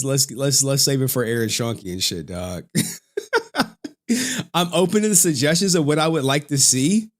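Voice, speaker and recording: Profane, heated livestream host. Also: male voice, mid-range voice. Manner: profane, heated, swearing constantly. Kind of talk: casual livestream rant.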